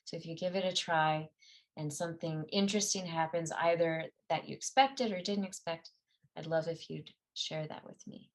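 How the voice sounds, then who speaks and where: A woman's voice: deep voice, normal speed. A middle-aged woman teaching a mental-training class, speaking in an earnest, conversational way with some fillers and self-corrections. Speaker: meditation and ski performance teacher. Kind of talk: guided class talk.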